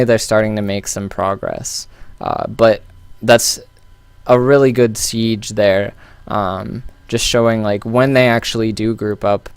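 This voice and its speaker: A man's voice: on the low side, clean tone, dry recording. A man casually analyzing a recorded esports match, thinking aloud with frequent fillers and restarts. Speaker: game analyst. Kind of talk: casual game analysis commentary.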